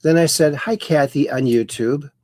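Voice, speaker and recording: A man's voice: fairly high pitch, normal speed, a little mellow, no echo, studio quality. A man hosting a casual livestream, reading viewers' chat messages aloud in a folksy, playful sing-song way. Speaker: host.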